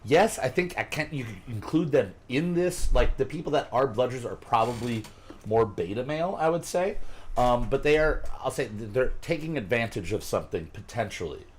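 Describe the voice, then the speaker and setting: A man's voice: mid-range voice, expressive, moderate pace. A man hosting a casual chat, explaining terms in a rambling way, often laughing. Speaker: podcast host.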